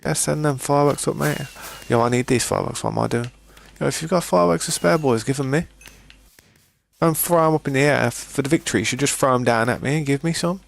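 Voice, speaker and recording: Speaking fast in a gravelly, medium-pitched voice, a British man offers casual commentary while streaming a game live. He keeps restarting his sentences and calls his viewers "mate" and "boys," with slight background noise in the recording.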